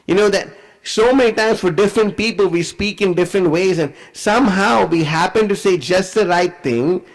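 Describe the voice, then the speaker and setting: A man preacher telling a scripture story in an animated, conversational way, full of "you know.". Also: sits high, normal speed, poor audio. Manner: animated, conversational, many fillers.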